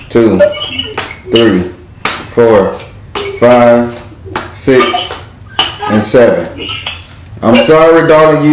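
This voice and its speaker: A man's voice: medium pitch, reverberant, a little hiss or hum, rough recording. Blunt streetwise man reading cards. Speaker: tarot reader. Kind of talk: live spiritual card reading.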